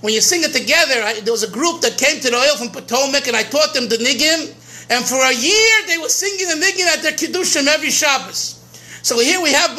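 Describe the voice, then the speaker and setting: A rabbi from America giving an informal teaching talk at a gathering, drawn-out and emphatic, often repeating words and stopping to sing a melody. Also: male voice, extremely high pitch, bright, forceful tone.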